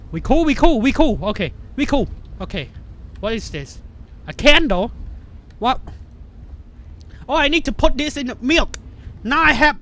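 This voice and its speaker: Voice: sits high, lively intonation, measured pace, long pauses, a bit bright. A gamer giving frantic, panicky commentary on a horror game, swearing constantly. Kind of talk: let's play commentary.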